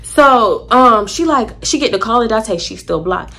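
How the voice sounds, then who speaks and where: A young woman casually telling a storytime to her viewers, animated and acting out what people said. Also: mid-range voice, moderate pace, hardly any pauses. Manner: animated, acts out quoted voices, addresses viewers as y'all.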